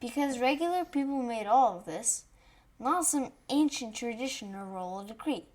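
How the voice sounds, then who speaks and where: Bright high-voiced woman co-host. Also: animated, normal speed. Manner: curious, light reactions and quiz questions. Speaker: podcast co-host. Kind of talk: podcast banter.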